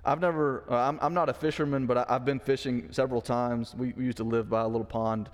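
A man's voice: medium pitch, fairly even intonation, quick pace. A pastor giving a conversational sermon in church, acting out the quoted lines of the story he is teaching. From Mississippi. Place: church sanctuary. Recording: long church hall reverb.

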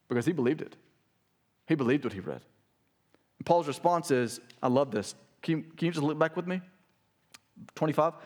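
A man's voice: very animated, fast, darkish tone. A man, a pastor, preaching a sermon. He reads scripture aloud with rising emphasis and breaks in with asides to his congregation. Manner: preaching, rises in pitch and volume when reading scripture aloud; talks straight to the congregation with asides like "listen".

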